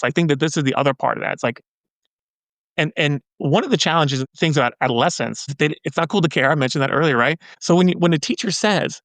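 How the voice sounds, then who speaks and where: A man's voice: on the high side, quick pace, fairly bright tone, dry recording. A man speaking as a podcast guest in casual conversation, earnest and loose, with frequent fillers and restarts.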